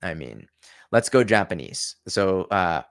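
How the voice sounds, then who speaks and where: Chatty low-voiced male livestream host. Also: big pitch swings, unhurried, vocal fry, a bit bright. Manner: chatty, thinking aloud, many restarts. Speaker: channel host. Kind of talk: casual livestream chat.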